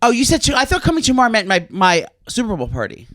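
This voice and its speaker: A young man co-hosting a casual podcast, animated and teasing. His voice sits high and swoops widely, and he talks quickly. The sound is dry and close. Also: no room sound. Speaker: podcast co-host. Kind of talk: casual banter.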